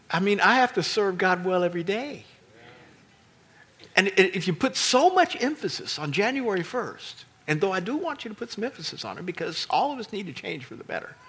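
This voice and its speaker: A man preaching a sermon as pastor, animated and emphatic, with playful asides to his congregation. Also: high-pitched, slightly rough.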